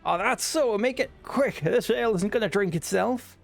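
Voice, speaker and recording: A man reading aloud as a brash, hard-drinking female mercenary in a put-on accent, talking gruff and crude. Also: high-pitched, normal speed, faint music behind, voice pushed up. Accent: put-on unplaced accent.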